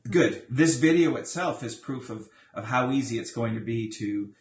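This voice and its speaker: A man's voice: medium pitch, lively intonation, normal speed, a little hiss or hum. Playful man interviewing in an echoey room. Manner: playful, teasing. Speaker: interviewer, author. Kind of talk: casual interview.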